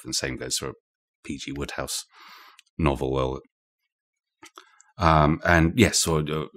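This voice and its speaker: Brief: British male author, very low voice, musing guest with many restarts, talking across a room. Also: a bit bright. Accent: British English. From Britain. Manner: thoughtful, digressive, frequent restarts. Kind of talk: conversational explanation. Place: indoor room shared with the host.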